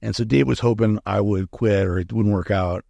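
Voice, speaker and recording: A man's voice: lowish voice, steady tone, moderate pace, vocal fry, warm tone, dry recording. A middle-aged man as an interview guest, telling candid, profane stories and acting out the dialogue. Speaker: guest, supplement company founder. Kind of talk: casual interview storytelling.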